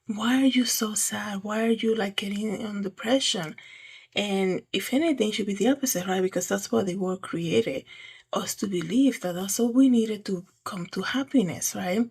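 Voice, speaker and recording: Husky-voiced woman chatting about faith. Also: medium pitch, normal speed, a little mellow. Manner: chatty, rambling, frequent "right?" and "you know". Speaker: host. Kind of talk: casual faith talk to camera.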